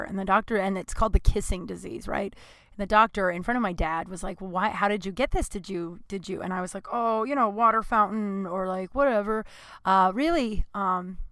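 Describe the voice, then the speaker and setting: A bright, clear-toned woman in her thirties rambles through a casual podcast monologue, leaning on fillers and laughing at herself. She is recorded close and dry in a small closet at home, with no room sound around her. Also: mid-range voice, no room sound. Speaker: podcast host.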